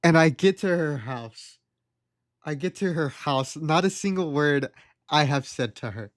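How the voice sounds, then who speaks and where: A man's voice: on the high side, animated, measured pace. A young adult man streaming live, telling a rambling story and laughing at it.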